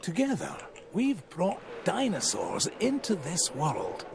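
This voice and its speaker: Brief: a grand old park founder in a game, gravelly, slow and sweeping, noisy ambience behind. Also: male voice, high voice, huge pitch swings, exaggerated voice. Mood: grandiose.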